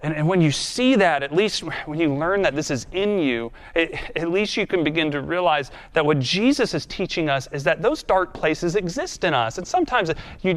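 A man preaching a sermon in a conversational, earnest and self-deprecating way, then leading a prayer. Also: a little high. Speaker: pastor.

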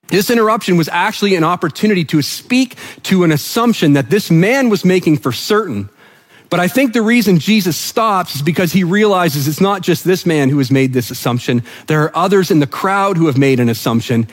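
A man from New Brunswick, Canada, preaching a sermon as pastor, telling the story vividly and acting out the quotes. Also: sits high. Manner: animated storytelling preacher, acts out quotes, drops to soft emphasis.

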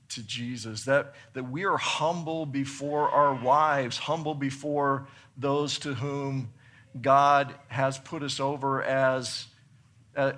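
Speaking at medium pitch, the man delivering this sermon is a pastor who reads scripture and explains it with earnest conviction. His delivery swells into excited emphasis and then falls quiet as he lands each point.

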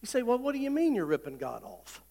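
A middle-aged male pastor, preaching a folksy sermon that swells into loud, repeated declarations. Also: very high voice, huge pitch swings, fast, vocal fry. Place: church sanctuary. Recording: long hall reverb.

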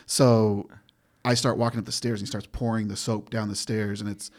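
Low-voiced man telling stories. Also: moderate pace. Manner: animated storyteller, acts out quotes. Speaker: guest, former corrections officer. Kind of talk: casual storytelling.

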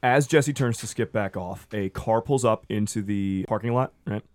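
A man's voice: lowish voice, normal speed, a little mellow. A man narrating a tabletop game as game master, rambling with lots of fillers.

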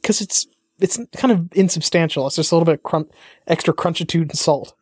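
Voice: medium pitch, fairly quick, husky, no echo, studio quality. A podcast co-host in casual chat, rambling and swearing freely as they joke around. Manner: rambling, profane, joking. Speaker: parent.

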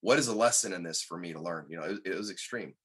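A man guest on a podcast, telling a personal story in an earnest, candid way that turns animated when he quotes others. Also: low voice, fast, slightly rough.

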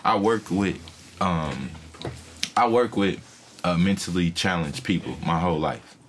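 A man with a low-pitched voice tells a story on a casual podcast. His telling is profane and animated, full of acted-out quotes, with a faint noise under the recording. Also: measured pace. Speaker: podcast co-host.

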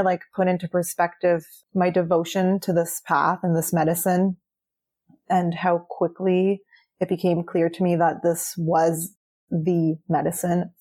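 Earnest chatty woman, lowish voice. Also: darkish tone. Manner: chatty, earnest, says "like" often. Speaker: interview guest. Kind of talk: candid personal storytelling.

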